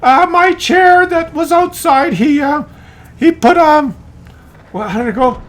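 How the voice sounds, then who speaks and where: A man putting on the voice of his elderly mother, shrill and bossy, shrieking and scolding. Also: unhurried. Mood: plaintive. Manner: shrieking, scolding, high and loud.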